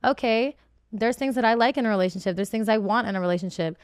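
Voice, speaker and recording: Emotional woman guest, smooth voice. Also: on the high side, quick pace, no room sound, clean studio sound. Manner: emotional, rambling, many restarts. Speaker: podcast guest. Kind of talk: candid interview talk.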